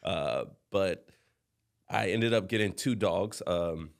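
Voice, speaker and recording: A man from Southern California, a loud, animated dog trainer telling stories as a podcast guest. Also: low voice, slow, vocal fry. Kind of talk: casual storytelling.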